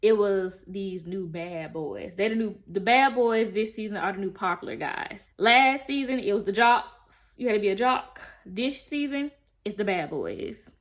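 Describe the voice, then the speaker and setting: A woman in a casual, animated recap of a TV show, telling it in a slangy, chatty way. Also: mid-range voice, unhurried. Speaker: TV show reviewer.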